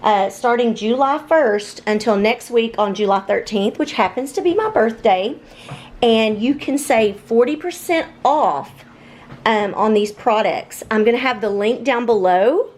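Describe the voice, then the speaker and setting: A woman's voice: on the high side, unhurried. A woman chatting casually as she cooks supper in her home kitchen. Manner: chatty, relaxed, says y'all often. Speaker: home cooking vlogger. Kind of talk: casual cooking chat.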